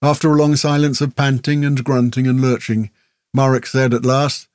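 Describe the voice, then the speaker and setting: A man narrating a fantasy audiobook in a steady, measured way. His voice sits in a middle pitch. The recording is dry and close, with no room around it. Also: no room sound.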